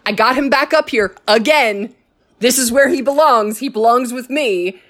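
A woman's voice: fairly high pitch, moderate pace, fairly bright tone, close to an everyday voice. Theseus, a woman doing a brash young champion. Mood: indignant. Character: boastful cocky male arena champion.

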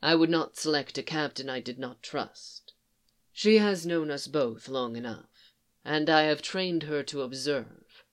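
A reader voicing a composed, formal male alien admiral who speaks in a measured, low and quiet way. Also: close to an everyday voice. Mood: calm, formal.

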